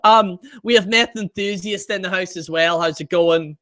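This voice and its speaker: A man with a high-pitched voice hosts a live stream, ranting in exasperated disbelief. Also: moderate pace, a bit bright. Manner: exasperated and incredulous.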